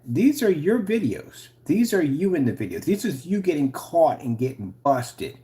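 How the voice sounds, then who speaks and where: A man's voice: a little high, big pitch swings, normal speed, mellow. A man hosting a ranting commentary video, heated and mocking, with sarcastic questions. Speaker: channel host.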